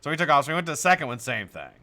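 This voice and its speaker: A middle-aged man hosts a live stream, casually telling stories to his chat in a slightly high, rapid-fire voice. He's animated and profane, swearing freely and laughing often.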